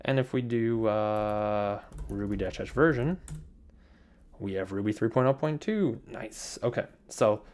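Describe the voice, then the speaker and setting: A man's voice: fairly low pitch, a little slow, a little mellow. A young man walking through his computer setup in a casual, rambling screencast, with lots of fillers and repeated words. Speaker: software developer demonstrating his setup.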